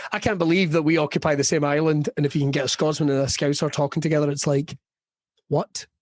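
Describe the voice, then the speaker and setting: A man with a West of Scotland accent, a comedian chatting as a podcast guest, telling lively stories and acting out the people in them. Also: fairly high pitch, very fast, no echo, studio quality. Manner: lively storyteller who acts out quoted voices and laughs often. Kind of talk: casual podcast chat.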